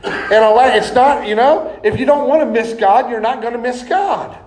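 A man delivering a lively, folksy sermon and laughing often. His voice sits high for a man. He is recorded in an echoey church hall. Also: normal speed. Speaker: preacher. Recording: echoey room.

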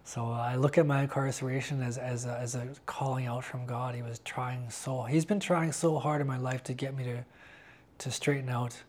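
A man giving a candid interview about his faith, talking earnestly and haltingly with frequent restarts. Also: medium pitch, steady tone. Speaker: interviewee sharing a personal faith testimony.

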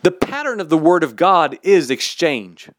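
A man preaching a sermon in an emphatic, candid, animated way. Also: on the high side, a little slow, a little hiss or hum.

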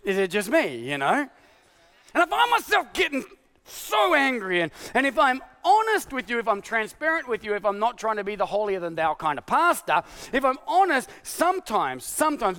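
A male pastor delivers a confessional sermon, his voice very high and bright. He swings from shouted exasperation down to quiet, hushed admissions.

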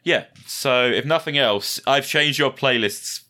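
Bright-toned, enthusiastic man. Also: mid-range voice, measured pace. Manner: enthusiastic, reflective. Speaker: podcast co-host. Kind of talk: casual music chat.

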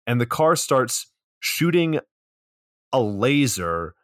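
A man's voice: medium pitch, sing-song, slow pace, fairly bright tone, dry recording. A man co-hosting a podcast, casually recapping a movie with loose plot summary, swearing and dry asides. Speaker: podcast co-host.

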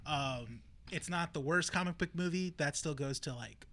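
A man's voice: a little high, normal speed, fairly bright tone. A man co-hosting a podcast in casual chat, easygoing and agreeable, often saying yeah. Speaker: podcast co-host.

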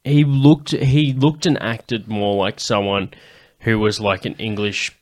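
A man's voice: on the low side, steady tone, slow pace, no echo. A man co-hosting a podcast in casual chat, laid-back and joking while reading out a segment. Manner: laid-back, reads a segment then jokes around. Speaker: podcast co-host.

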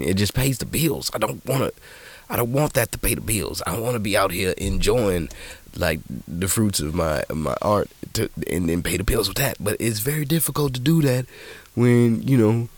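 Low-voiced man rambling on a podcast. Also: no echo. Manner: rambling, profane, frequent restarts. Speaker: podcast host. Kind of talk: casual storytelling monologue. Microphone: podcast microphone.

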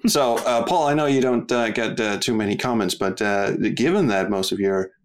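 A man's voice: fairly low pitch, moderate pace. A man hosting a casual podcast chat, laughing often and drifting into rambling asides. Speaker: podcast host.

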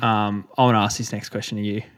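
A man's voice: fairly low pitch, level tone, fast talker. Chill young guy on a podcast, reads out listener questions, easygoing. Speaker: podcast co-host. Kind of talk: casual chat.

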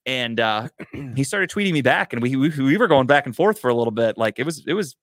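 Guy ranting fast about football on a podcast, swears a lot, dry sound. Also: medium pitch, lively intonation, a bit bright, dry recording. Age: adult, grown older. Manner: profane, fast storytelling. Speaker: podcast host, sports fan. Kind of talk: casual sports chat.

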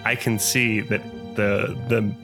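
A man's voice: fairly low pitch, level tone, slow pace, over music. A man playing in a tabletop game, hesitant, thinking aloud as he plans. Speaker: player. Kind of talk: casual tabletop play.

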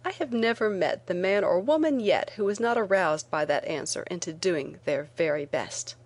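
A woman reading a first-person memoir aloud in a measured, earnest way. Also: fairly low pitch. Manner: measured, earnest reading with lively quoted lines. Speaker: narrator. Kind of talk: audiobook narration of a memoir.

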